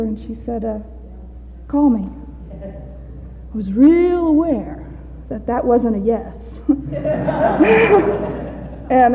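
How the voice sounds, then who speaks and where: A woman giving a candid, halting personal testimony at a recovery meeting, often breaking into laughter. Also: fairly high pitch, a little hiss or hum. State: out of breath. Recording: dull echoey hall recording.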